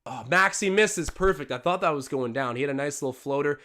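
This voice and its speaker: A young man streaming live commentary on a basketball game from home, his voice sitting a touch higher than most men's. He gets excitable, jumping up in pitch and loudness when a big play happens, then settles back into casual chat. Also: fairly quick. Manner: excitable, jumps up in pitch and volume on big plays. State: out of breath. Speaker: livestream host doing game commentary. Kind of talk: live sports watch-along commentary.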